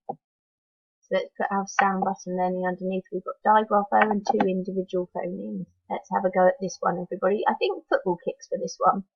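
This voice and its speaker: A woman's voice: mid-range voice, slightly rough, dry recording, muffled recording. Encouraging woman teaching phonics. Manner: slow, encouraging, sounds out letters one by one. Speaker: primary school teacher. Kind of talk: phonics lesson for young children.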